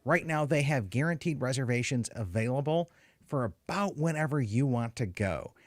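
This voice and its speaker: A man hosting a podcast in a brisk, organized manner, pitched in an ordinary middle range. The sound is dry and close, with no room around it. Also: lively intonation, no room sound. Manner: brisk, organized, steering the conversation. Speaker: podcast host. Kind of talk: casual podcast chat and ad read.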